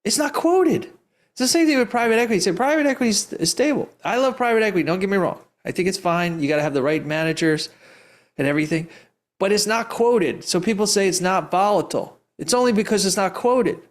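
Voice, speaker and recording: A man's voice: sits high, fast talker. A man who teaches investing, answering audience questions live in an emphatic, rambling storytelling way, often laughing. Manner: rambling, restarts sentences often. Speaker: investing educator.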